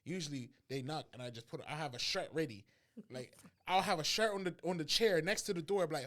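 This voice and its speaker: A man co-hosting a podcast, telling a story in a casual chat and acting out the dialogue with lively energy. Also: a little high, a little fast. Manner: animated storyteller, acts out dialogue, breaks into laughter. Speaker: podcast co-host.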